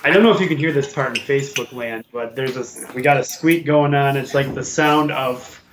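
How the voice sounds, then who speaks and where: A male co-host runs through the night's games in a loose, rambling way, dropping fillers as he goes. His voice sits at an ordinary pitch, and a steady hiss of noise runs under the recording. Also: normal speed. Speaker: sports show co-host. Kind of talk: casual sports picks chat.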